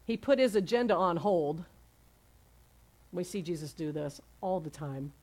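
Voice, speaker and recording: A woman's voice: fairly low pitch, lively intonation, unhurried, darkish tone. Casual, conversational woman preaching a sermon. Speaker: pastor.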